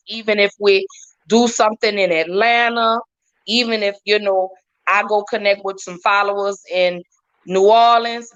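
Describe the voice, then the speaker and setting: A woman's voice: medium pitch, fairly bright tone. A woman talking as a podcast guest, heartfelt and emphatic, repeating her points for weight. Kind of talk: casual podcast talk. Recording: dull lo-fi audio.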